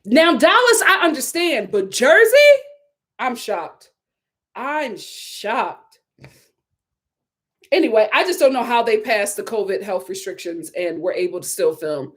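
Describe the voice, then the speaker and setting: A woman hosts a casual live recap of a reality show. Her voice sits high and swoops all over the place. She sounds incredulous and says things twice to drive a point home. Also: unhurried. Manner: animated, incredulous, repeats herself for emphasis. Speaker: reality TV review host.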